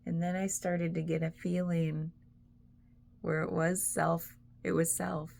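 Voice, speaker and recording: Woman vlogger, casual rambling reflection, heavy vocal fry, lower pitch. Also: flat delivery, slow pace, a little mellow. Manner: rambling, chatty, laughs often, many "like"s.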